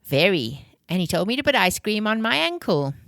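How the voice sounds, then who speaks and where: A woman reading as a cheerful, silly young boy in a children's storybook, playful and lifted in pitch. The sound is close and dry. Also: sing-song, moderate pace, vocal fry, fairly bright tone, no echo. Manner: playful, giggly.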